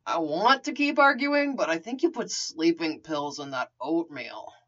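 A woman's voice: low voice, expressive, a little slow, a bit bright, lo-fi sound, full character voice. A woman voicing a tired, sardonic wealthy man with a whiny, wisecracking manner.

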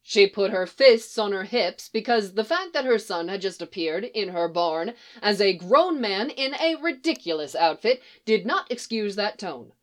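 A woman reads fiction aloud at an even pace in a mid-range voice. Her storytelling is steady and expressive. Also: medium pitch, unhurried, few pauses. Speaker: reader.

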